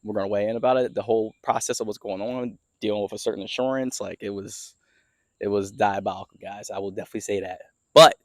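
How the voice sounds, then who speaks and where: Walking around his yard with the camera on himself, a young car vlogger rambles through an easygoing story, leaning hard on filler words. His voice is fairly low with a darkish tone, and the recording is dry and close with no room sound.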